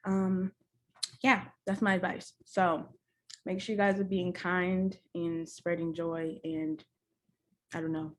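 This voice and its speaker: A young woman hosting a casual podcast interview, bubbly, chatty and openly nervous and excited. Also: lowish voice. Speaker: podcast host.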